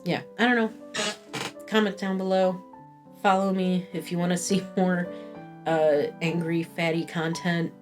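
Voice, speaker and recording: A woman's voice: lowish voice, little pitch movement, unhurried, over music. A woman in her thirties chatting through a casual review vlog, candid, rambling and self-deprecating, with frequent swearing. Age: 30s. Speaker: fashion vlogger.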